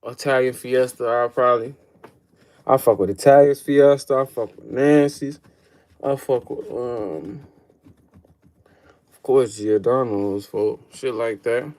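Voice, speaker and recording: A man's voice: mid-range voice, steady tone, measured pace, long pauses, darkish tone. Slangy man chatting on a livestream. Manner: slangy, profane, calls everyone folks; loose, rambling, answers chat questions. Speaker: livestream host. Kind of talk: casual livestream chat.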